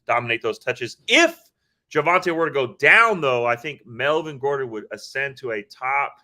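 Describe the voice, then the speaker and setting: A man's voice: medium pitch, moderate pace, sharp tone. A man co-hosting a live fantasy football draft stream, casual and hyped, using slang and answering viewer questions. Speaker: podcast co-host.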